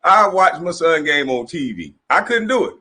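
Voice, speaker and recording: A man's voice: a little high, expressive, normal speed, sharp tone. A man delivering a profane comedic roast rant, laughing often as he goes. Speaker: commentator.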